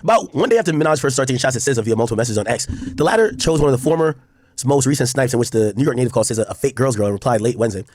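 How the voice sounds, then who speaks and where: A man's voice: mid-range voice, expressive, very fast, a little mellow, a little hiss or hum. A man streaming casual commentary to his chat, reading posts aloud and reacting bluntly, with frequent profanity.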